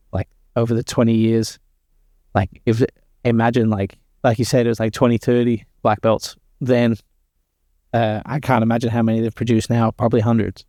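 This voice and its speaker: Man, podcast host, casual chat, flat intonation, dry close mic. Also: medium pitch, no echo.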